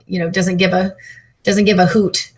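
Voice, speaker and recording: A woman's voice: on the low side, level tone, moderate pace, slightly rough. A woman player chatting casually out of character on a video call, giggly and rambling.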